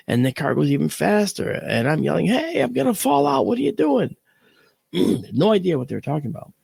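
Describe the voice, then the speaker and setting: A man, an astronomer, telling a vivid personal story and acting out the shouts of the people in it. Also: medium pitch, creaky, husky, no room sound. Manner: vivid, acts out quoted shouts, swears.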